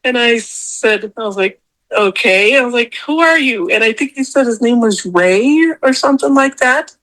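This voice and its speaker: Middle-aged woman guest on a podcast, fairly high voice, jumps way up when she quotes herself. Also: normal speed, poor audio. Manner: animated, acts out her own quotes in a high voice. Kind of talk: casual storytelling interview.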